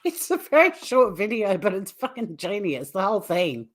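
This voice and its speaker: A woman's voice: medium pitch, sing-song, normal speed. A woman hosting a casual true crime livestream, blunt and swearing freely, repeatedly breaking into helpless laughter. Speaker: true crime YouTube host.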